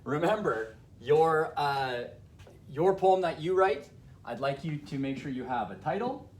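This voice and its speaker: A man's voice: a little high, lively intonation. Man, teacher, recorded lesson, patient explaining, restarts. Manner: explaining slowly with fillers and restarts.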